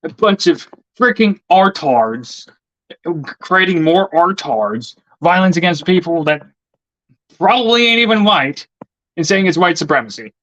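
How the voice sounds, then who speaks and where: A man's voice: high voice, animated, a little slow, fairly bright tone, no room sound. A man in a casual, heated rant, swearing often and stammering over repeated words. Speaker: vlogger. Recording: dull lo-fi dry recording.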